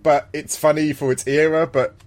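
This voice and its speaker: A man's voice: fairly high pitch, level tone, normal speed. A man co-hosting a casual podcast about an old video game, rambling, restarting sentences and laughing often. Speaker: podcast co-host.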